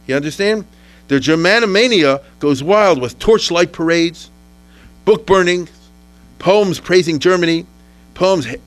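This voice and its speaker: A man giving a casual history lecture to a class, full of restarts, who acts out the people he quotes with sudden jumps in pitch.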